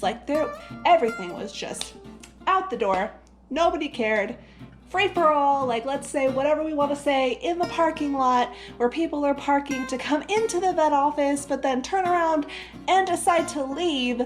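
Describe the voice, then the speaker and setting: A young woman telling a story on her vlog in a casual, animated way, with frequent laughs and many fillers. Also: high voice. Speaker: vlogger.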